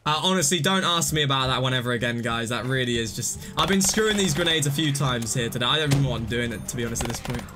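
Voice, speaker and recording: A young man streaming live gameplay commentary, rambling and mocking his own mistakes, now and then bursting out excitedly. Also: mid-range voice, quick pace, few pauses, slight background noise.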